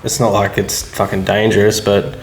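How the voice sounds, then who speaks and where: A man's voice: on the low side, monotone, normal speed, echoey room, slight background noise. An Australian man co-hosting a podcast, chatting bluntly and swearing freely as he tells stories. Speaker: podcast co-host. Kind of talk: casual chat.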